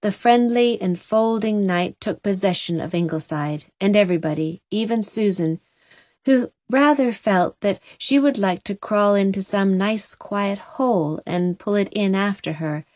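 A woman narrating an audiobook in a gentle, measured reading style. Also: mid-range voice, dry recording.

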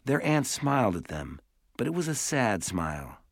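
A man reading a story aloud as an audiobook narrator, in a measured, even way. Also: medium pitch, creaky, no echo, clean studio sound. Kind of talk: scripted narration.

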